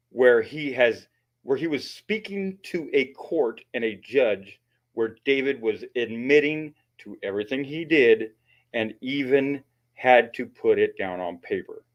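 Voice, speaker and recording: A man's voice: mid-range voice, expressive, a little slow, lo-fi sound. A man hosting his channel and giving blunt, mocking commentary on a recorded call, swearing often. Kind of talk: profane commentary.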